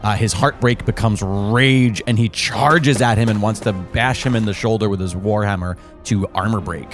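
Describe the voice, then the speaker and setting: Low-voiced male player, hesitant. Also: moderate pace, faint music behind. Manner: hesitant, starts lines with "uh". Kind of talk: tabletop game play.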